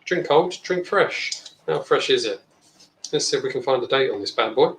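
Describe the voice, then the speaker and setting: A man's voice: medium pitch, lively intonation, moderate pace, a bit bright, roomy sound, poor audio. A man hosting a casual live beer review, chatting bluntly and reading out viewer comments. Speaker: beer review channel host. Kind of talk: casual live-stream chat.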